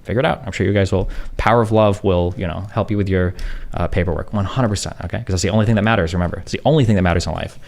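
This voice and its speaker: A man's voice: deep voice, rapid-fire, vocal fry, a little mellow. A man in his thirties in a casual venting monologue, sarcastic and exasperated, slipping into mocking voices of others. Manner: sarcastic, exasperated, mimics others mid-story. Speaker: streamer.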